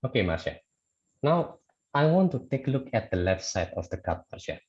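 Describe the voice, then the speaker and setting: A man's voice: medium pitch, very animated, normal speed, dull audio. A man teaching a statics lecture online, hesitant, with many fillers and restarts, often checking in with "okay".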